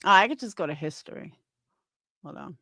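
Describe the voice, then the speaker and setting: A woman's voice: lowish voice, expressive, fairly quick, fairly bright tone, dry recording, clean studio sound. Scornful, profane woman in her fifties. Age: 50s. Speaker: livestream host. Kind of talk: ranting livestream talk.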